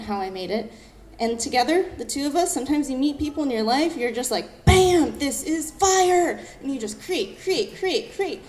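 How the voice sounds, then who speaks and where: A young woman poet giving a lively talk to a live audience, acting out what others said and reading her own poem. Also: a little high. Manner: animated, fast-talking, acts out quoted voices. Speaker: poet and speaker.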